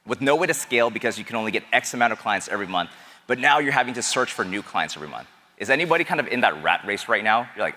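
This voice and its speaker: Male business coach, lively and bright, quizzing the crowd, long hall reverb. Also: on the low side, rapid-fire, slight background noise. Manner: animated, asks the crowd questions. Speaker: business coach speaking to an audience. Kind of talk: energetic seminar talk. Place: event hall with a live audience.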